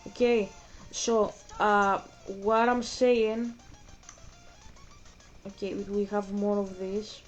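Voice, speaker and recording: A woman's voice: mid-range voice, flat delivery, takes it slowly, long pauses, muffled recording, faint music behind. A woman streaming a game, chatting casually in a rambling way, repeating herself and breaking off for game moves. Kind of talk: casual livestream chat while gaming.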